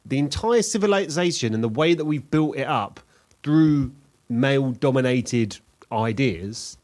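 A man in casual podcast chat, musing aloud in an animated way and swearing freely. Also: mid-range voice, unhurried.

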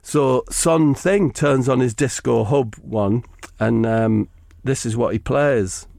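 A man's voice: medium pitch, takes it slowly, vocal fry, darkish tone. A man hosting a comedy podcast, telling a story in chatty asides. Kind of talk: comic storytelling.

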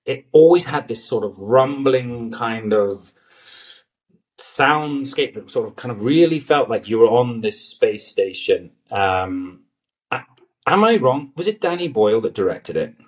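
A man's voice: mid-range voice, lively intonation, measured pace. Rambling, hesitant man chatting casually. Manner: rambling, hesitant, with many restarts and fillers. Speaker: guest actor. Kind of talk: casual podcast chat.

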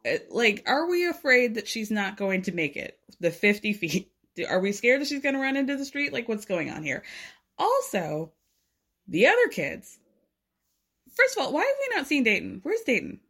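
A woman's voice: a little high, big pitch swings, normal speed, a bit bright, husky. A woman recapping a reality show in casual chat, sarcastic and swearing freely. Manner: sarcastic, swears freely, laughs between lines. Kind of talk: casual recap, snarky commentary.

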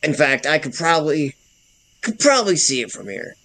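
A man playing a tabletop role-playing game, animated and rambling as he describes his character's actions. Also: on the high side, fairly quick. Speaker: player.

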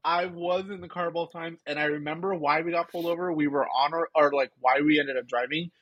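A man's voice: fairly high pitch, steady tone, brisk, no echo, dull audio. Rambling young man recapping, dry sound. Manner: rambling, filler-heavy, teasing. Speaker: podcast co-host. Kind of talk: casual recap chat.

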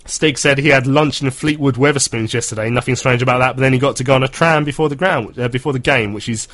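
A man's voice: medium pitch, quick pace, fairly bright tone. A man in his thirties hosting a casual football chat, chatty and laughing often as he reads out listener messages. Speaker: football podcast host.

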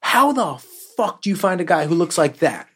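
A man's voice: high voice, sing-song, normal speed, a bit bright, husky. A man co-hosting a film podcast, emphatic and repetitive, building his arguments in bursts. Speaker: podcast co-host. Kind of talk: casual chat.

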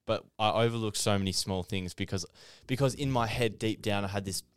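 A young adult man co-hosts a podcast and explains his ideas with earnest conviction. His voice sits low and smooth, recorded close and dry. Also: no echo. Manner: earnest, explanatory, fast in bursts. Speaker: podcast co-host. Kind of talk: casual podcast chat.

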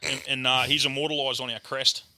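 A young Australian man, a guest comedian, telling a loud, animated story full of swearing and acted-out voices. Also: medium pitch, brisk.

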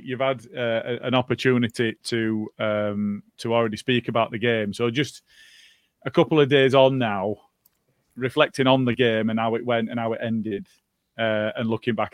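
A man's voice: medium pitch, normal speed, no room sound. A man hosts a laid-back football podcast. He rambles along with plenty of ums and restarts. His voice sits mid-range and sounds close and dry, with no room around it. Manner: relaxed, rambling with many fillers. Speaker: podcast host. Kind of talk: casual football podcast chat.

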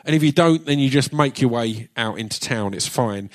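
Man with an Essex accent, casual stage chat, jokey and loose, drops the odd swear, keeps restarting sentences, mid-pitched voice, live audience Q&A. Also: moderate pace. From Essex, England. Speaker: performer hosting an audience Q&A. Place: theatre stage at a live book launch.

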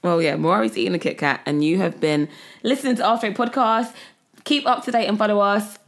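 A woman's voice: mid-range voice, brisk, vocal fry. A young woman, hosting a casual podcast chat and rambling with many fillers and restarts. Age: young adult. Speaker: podcast host.

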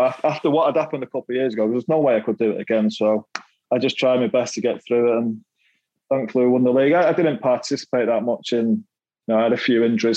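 A middle-aged man tells stories from his playing days in easy podcast chat. He chuckles through his lines, repeats words as he goes and swears now and then. His voice sits at a middle pitch, recorded dry and close. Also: mellow, dry recording, highs cut off. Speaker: podcast guest, former footballer. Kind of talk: casual storytelling chat.

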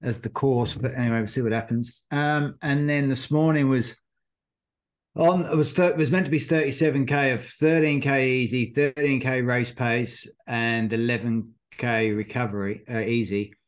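Brief: podcast host, rambling, casual storyteller, average pitch. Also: male voice, fairly even intonation, normal speed. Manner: rambling storyteller with many fillers. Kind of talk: casual chat.

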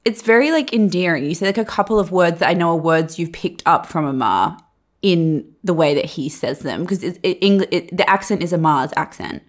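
A woman's voice: lowish voice, animated, fairly quick. A young woman co-hosting a podcast in casual chat, emphatic and teasing, swearing freely. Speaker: podcast co-host.

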